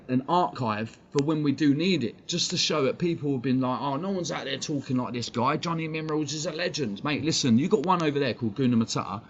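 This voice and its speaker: A man ranting bluntly on a live fan stream, swearing and combative. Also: medium pitch. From England. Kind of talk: heated live-stream rant. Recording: dull lo-fi stream audio, faint background noise.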